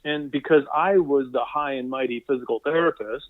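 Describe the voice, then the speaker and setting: A man, a physical therapist guest on an interview podcast, telling stories in an animated way and quoting people as he goes, heard over a call line. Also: mid-range voice, fairly quick, dry recording. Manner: animated anecdotal storyteller, quotes people in voices. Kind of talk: conversational interview storytelling. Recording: tinny phone-line sound.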